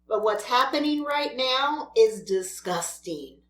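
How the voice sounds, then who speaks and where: A woman's voice: on the high side, animated, takes it slowly, roomy sound. A woman mukbang vlogger ranting in an exasperated, scolding way at other creators while she eats. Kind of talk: ranting vlog while eating.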